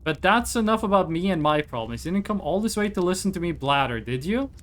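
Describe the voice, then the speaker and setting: Reading game dialogue aloud, a streamer voices a nervous male alien explorer who's scared of space, rambling in an apologetic, self-deprecating way. The delivery is very animated and quick, in a slightly bright, mid-range voice that swings widely in pitch.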